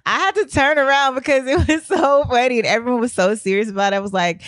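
Young woman, hoarse and animated. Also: on the high side, a little fast, dry recording, clean studio sound. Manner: animated, swearing, laughs often, slangy. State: hoarse from a lost voice. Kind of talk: casual storytelling to camera.

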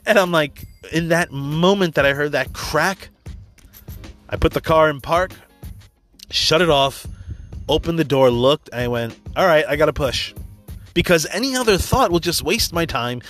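A man's voice: on the high side, animated, unhurried, a bit bright, soft background music. Blunt, profane motivational man. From New York area. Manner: blunt, profane, storytelling with acted-out quotes. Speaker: motivational speaker. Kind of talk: casual motivational monologue.

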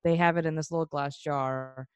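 A woman's voice: low voice, steady tone, normal speed, clear, resonant tone, dry recording. A woman in her thirties, hosting a casual chat and telling a story in a chatty way, laughing often. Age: 30s. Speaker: podcast host.

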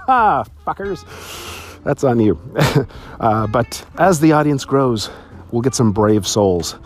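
A man telling stories on his solo podcast, swearing freely, laughing often and jumping to a high voice when excited. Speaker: podcast host. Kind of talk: casual solo podcast storytelling.

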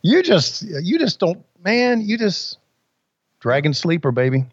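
A man's voice: sits high, big pitch swings, unhurried, breathy edge, dry recording. A man co-hosting a casual podcast, laid-back and rambling, calling people buddy. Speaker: podcast co-host. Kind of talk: casual chat. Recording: dull dry sound.

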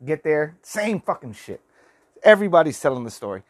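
A man's voice: on the high side, big pitch swings, fairly quick. A man in his forties telling a story in a casual vlog, rambling and swearing with many restarts. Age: 40s. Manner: rambling, profane, lots of restarts. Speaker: vlogger.

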